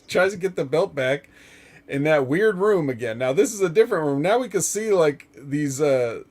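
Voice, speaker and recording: A man's voice: on the high side, lively intonation, moderate pace, darkish tone. A man hosting a casual wrestling talk podcast, rambling with lots of fillers and frequent chuckles. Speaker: podcast host.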